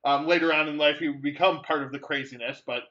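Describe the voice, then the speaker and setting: A man's voice: fairly high pitch, steady tone, fast talker, pushed and bright, highs cut off. A man co-hosting a movie podcast, chatting casually with a rambling delivery full of fillers and restarts. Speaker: podcast co-host. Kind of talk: casual movie-review chat.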